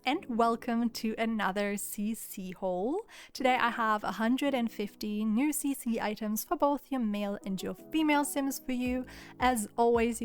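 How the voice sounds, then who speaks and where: Chatty young woman with a weak, cracking voice. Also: fairly high pitch. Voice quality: subdued, monotonous delivery. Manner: chatty, rambling, laughs often. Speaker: video creator. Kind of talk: casual chat voiceover. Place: home voiceover.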